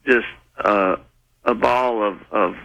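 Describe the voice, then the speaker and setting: A man as an interview guest, telling a personal story in an earnest, rambling way with many halting restarts. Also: on the low side, fairly even intonation, creaky, a bit bright, no room sound, low-quality recording.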